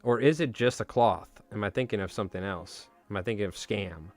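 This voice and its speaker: A man's voice: fairly low pitch, a little fast, soft background music. A man chatting casually on a live stream while tying flies, rambling and joking at his own expense. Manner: rambling, self-mocking, joking.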